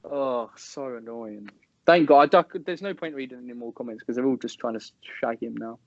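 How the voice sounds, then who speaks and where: A young man, co-hosting a casual podcast chat with loud, slangy, swearing banter. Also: mid-range voice, a little fast, dry recording. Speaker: podcast co-host. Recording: dull lo-fi sound.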